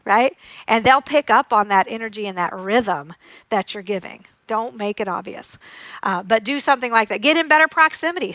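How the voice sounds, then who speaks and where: A woman occupational therapist giving a lively, demonstrative conference talk, acting out sounds and giggling as she teaches. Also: sits high, dry recording. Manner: giggles often while teaching. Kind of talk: live conference presentation.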